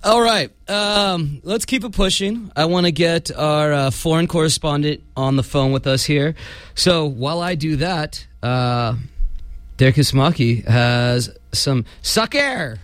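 A man's voice: on the high side, measured pace, a bit bright, no room sound. A man hosting a casual sports podcast, rambling with lots of ums and uhs. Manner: rambling, filler-heavy delivery. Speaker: podcast host.

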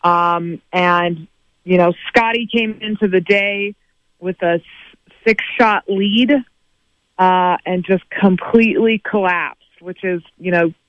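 High-voiced man on a dull remote line. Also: steady tone, takes it slowly, no room sound. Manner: chatty, many fillers. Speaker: remote sports correspondent. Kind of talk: casual sports recap.

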